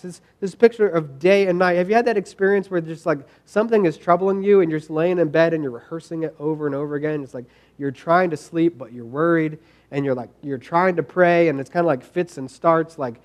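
A man's voice: fairly high pitch, a little fast, a little mellow. A man preaching a sermon in an earnest, conversational way, full of fillers and restarts, and reading scripture aloud. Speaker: pastor.

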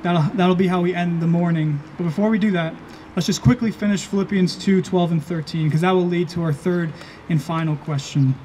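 High-voiced man preaching a sermon. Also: steady tone, mellow, a little hiss or hum. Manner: earnest, emphatic preaching with slowed stressed phrases. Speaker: pastor.

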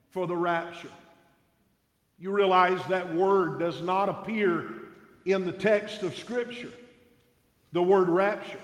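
A man preaching a sermon in a church, slow and measured, with dramatic pauses. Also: high-pitched. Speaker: pastor. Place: church sanctuary. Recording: reverberant church sanctuary.

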